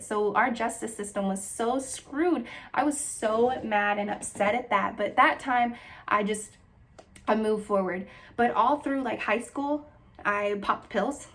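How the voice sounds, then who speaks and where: Candid young woman telling her story. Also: medium pitch. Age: 20s. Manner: candid, emotional, rambling with restarts. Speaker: vlogger. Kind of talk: personal storytelling.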